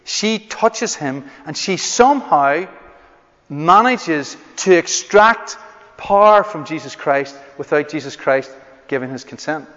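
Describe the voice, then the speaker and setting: Man, preacher, sermon, emphatic slowed stresses, slightly high voice, muffled sound, long hall echo. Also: lively intonation, a bit bright. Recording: dull, echoey hall recording.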